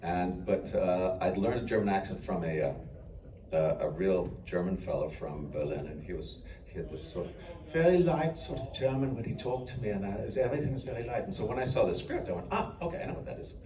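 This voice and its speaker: Deep-voiced man telling rambling stories in an echoey hall. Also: lively intonation, a little fast. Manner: rambling, self-deprecating storyteller with frequent chuckles. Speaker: voice actor panelist. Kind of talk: anecdotal panel talk. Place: convention panel hall. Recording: echoey hall recorded from far off with noise.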